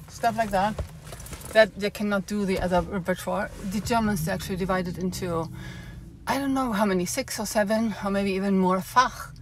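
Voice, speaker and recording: A woman's voice: mid-range voice, a little hiss or hum. A woman opera singer in a casual vlog, explaining things from her car in a chatty way with many fillers, slightly out of breath.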